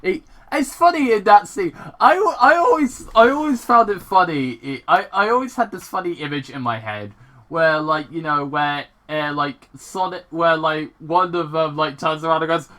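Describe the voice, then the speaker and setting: A man reading fan fiction aloud on his channel and chatting between passages, rambling and excitable, swearing casually and stumbling over words. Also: fairly high pitch, normal speed.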